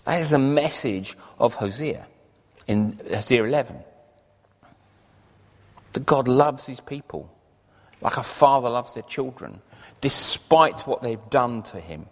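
A man's voice: mid-range voice, animated, unhurried, long pauses. A man preaching a sermon earnestly, lifting his voice on key phrases. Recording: long reverb of a large hall.

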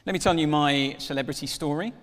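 A man in his thirties preaching a sermon, telling stories with lively acted-out dialogue. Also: on the high side, fast talker, long reverb tail. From Wales. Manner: animated storytelling, acts out dialogue in voices.

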